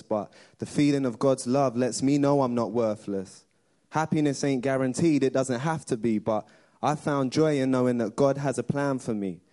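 A man's voice: mid-range voice, dark tone. A man performing a rhythmic, rhyming spoken-word worship poem.

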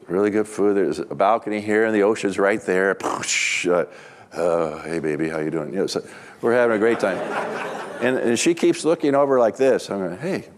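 A middle-aged man, a pastor, preaching a sermon with humorous personal stories in a chatty, conversational way. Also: lowish voice.

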